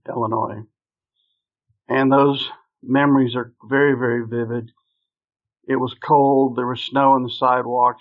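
Man telling his story on a thin line. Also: medium pitch. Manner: earnest, vivid storytelling in present tense. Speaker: podcast guest. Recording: phone-like narrow sound.

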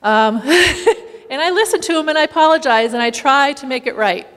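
A woman sharing a lively personal story in a church, laughing now and then as she talks. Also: high-pitched, normal speed, big-room sound. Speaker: community meal volunteer leader.

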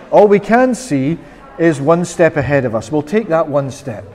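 A man's voice: fairly high pitch, darkish tone. A Scottish man preaching a sermon as minister, earnest, sometimes voicing prayers with sudden passion. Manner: earnest, quoting prayers in an impassioned voice. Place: church. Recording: long church reverb.

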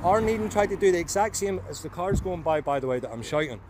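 A man's voice: sits high, animated, fast talker. Insistent Northern Irish man by roadside. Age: 40s. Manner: insistent, formal pseudo-legal phrasing. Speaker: driver stopped by police. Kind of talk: argumentative roadside exchange. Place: roadside outdoors in rain. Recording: loud wind and traffic noise.

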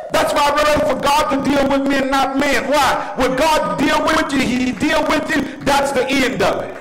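A middle-aged man preaching in a high voice, with call-and-response questions and bursts of shouting. He is recorded in a roomy church sanctuary with long reverb, and a faint congregation can be heard behind him. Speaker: pastor. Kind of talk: preaching a sermon.

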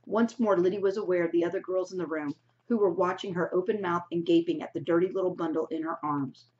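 A woman teacher reading a novel aloud to her class in a steady narrating voice, on a dull lo-fi recording. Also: on the low side, fast.

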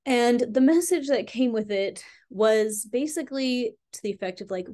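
A woman's voice: fairly high pitch, normal speed, hardly any pauses, mellow. A woman teaching spiritual healing in a casual vlog. She talks earnestly and rambles, with lots of "like" and "you know," speaking straight to her viewers.

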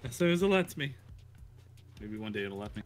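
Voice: mid-range voice, very animated, brisk, faint music behind. A co-player chatting casually during a game, teasing playfully and laughing often. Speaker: co-player on stream. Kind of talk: casual chat while gaming.

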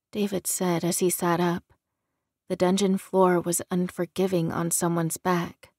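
Audiobook narrator: woman, lowish voice, even storytelling delivery. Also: a little slow, no echo, clean studio sound.

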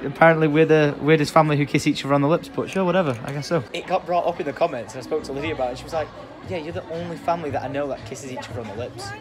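A man vlogging casually from a hotel restaurant, excitable and jokey, swearing casually. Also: on the high side, racing. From England. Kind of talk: casual vlog chat. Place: hotel restaurant high up a tower, indoors. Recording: music and crowd chatter behind.

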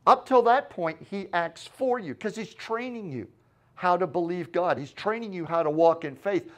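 A pastor preaching a sermon with an animated delivery, acting out the quoted lines with dramatic voices. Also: male voice, sits high, normal speed.

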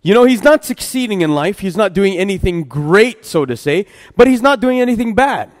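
A high-pitched, sing-song pastor preaches a casual midweek sermon at a moderate pace, talking with the congregation in a church hall. He stumbles over his words and laughs at himself, and the recording carries long hall reverb.

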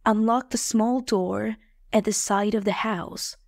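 A woman voicing a brooding gentleman, the master of the house, in a slow, plain, clearly spoken audiobook reading for learners. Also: mid-range voice, steady tone, dry recording, studio quality.

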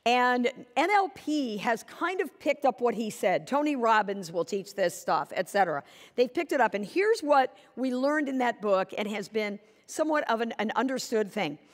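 A woman's voice: on the high side, big pitch swings, normal speed. A woman giving a conference keynote, telling a story and acting out both sides of a conversation. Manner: storytelling, acting out dialogue with shifting voices. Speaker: keynote speaker. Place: conference hall stage. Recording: echoey conference hall.

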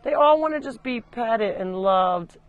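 A woman's voice: on the high side, measured pace, phone-quality sound. Chatty woman on a farm live stream. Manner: chatty, lively, scolds the animals loudly. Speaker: farm sanctuary founder hosting a live show. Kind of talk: casual live-stream chat. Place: outdoors on a farm among animals.

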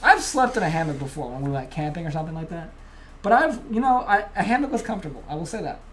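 Fast-talking young man, swearing casual chat. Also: a little high, big pitch swings, a little hiss or hum. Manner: laid-back, swears a lot, says bro and dude. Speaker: podcast co-host.

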